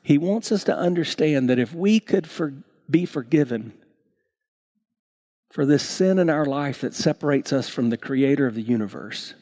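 Man preaching an animated sermon. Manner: animated storyteller, acts out characters with big swings in pitch and volume; stammering restarts. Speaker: pastor.

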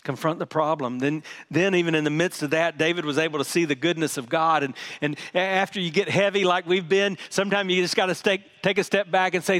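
A middle-aged pastor preaches with earnest conviction, doubling back on words as he presses his point. His voice sits a little high for a man. He moves from urgent appeals to hushed, prayerful moments. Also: brisk. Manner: earnest, repeats words, drops to soft prayerful tones. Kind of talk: sermon.

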